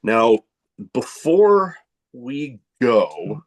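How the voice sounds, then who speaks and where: A man's voice: mid-range voice, very animated, drawn-out words. A man hosting a casual podcast chat, laid-back, laughing along and swearing now and then. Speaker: podcast host.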